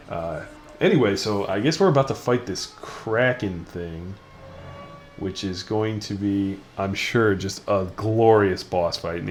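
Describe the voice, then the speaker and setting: Young man, deep voice, crude rambling game commentary, echoey room. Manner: rambling, crude and self-mocking. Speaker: gaming channel host. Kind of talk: casual let's-play commentary. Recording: echoey room with faint noise.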